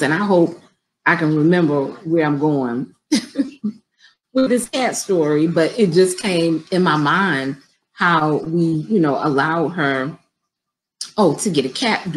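A woman's voice: lowish voice, a little hiss or hum, rough recording. A middle-aged woman business coach talking conversationally and directly to her viewers on a live stream, with features.

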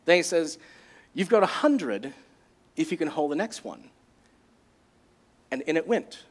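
A man's voice: a little high, lively intonation, measured pace. A man putting on a South African accent to voice a veteran golfer telling a dry, boastful story. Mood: wry. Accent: put-on South African.

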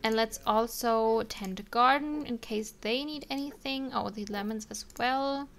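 A woman's voice: on the high side, measured pace, fairly bright tone. A young woman casually commenting on her life-simulation game, chatting to her characters with frequent ums and little laughs. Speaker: let's play streamer.

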